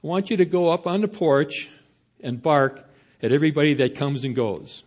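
A man's voice: a little high, lively intonation, moderate pace, darkish tone. A man voicing God as a creator handing out lifespans with grand pronouncements, while telling a joke in a sermon. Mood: commanding.

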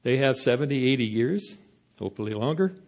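Male preacher, folksy sermon, mid-pitched, stops and restarts. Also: lively intonation, darkish tone. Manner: conversational, halting storytelling.

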